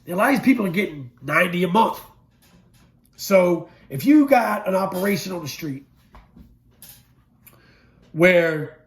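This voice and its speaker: A middle-aged man recounting his prison past in a blunt, profane storytelling manner, swinging from loud bursts to low murmurs. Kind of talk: candid storytelling interview.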